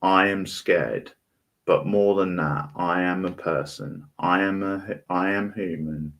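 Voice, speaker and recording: A terrified young woman in a haunted house pleads in the dark, voiced by a man reading aloud. The voice sits very deep and unhurried, pressing each word with desperate emphasis. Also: full character voice. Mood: frightened, desperate.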